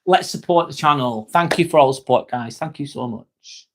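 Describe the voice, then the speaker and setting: An English man talks through a relaxed livestream, answering his viewers' comments one by one and calling them by name. He is laid-back and loose, dropping the odd swear word, and his voice sits a little higher than most men's. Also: normal speed, a little hiss or hum. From England. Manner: chatty, greets viewers by name, swears casually. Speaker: live streamer.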